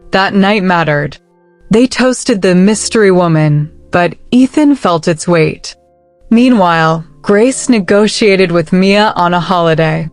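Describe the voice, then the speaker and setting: A woman narrating a story in a measured, even delivery. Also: lowish voice, soft background music.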